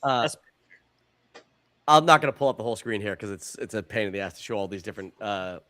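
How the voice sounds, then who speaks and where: A man co-hosting a podcast, telling stories in a profane, animated way and stumbling over repeated words. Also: lowish voice, quick pace. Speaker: podcast co-host. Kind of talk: casual podcast chat.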